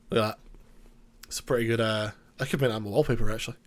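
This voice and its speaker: A man with a cold, giving casual, joking gameplay commentary, self-mocking and swearing now and then. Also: fairly low pitch. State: has a cold. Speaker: gaming YouTuber.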